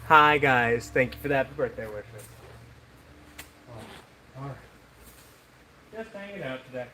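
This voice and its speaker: A man's voice: medium pitch, sing-song, measured pace, bright, forceful tone, far from the mic. A man hosting a casual live stream, chatting and thanking viewers between practice throws. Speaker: livestream host. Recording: echoey room with noise.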